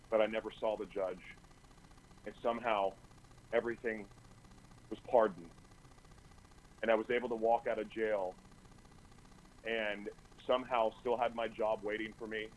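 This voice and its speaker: Speaking at a moderate pace with frequent pauses, this man has a fairly low, steady voice. He's a radio talk show guest in a studio delivering an earnest, intense personal testimony, often stumbling and repeating himself. Slight background noise comes through in the low-quality recording.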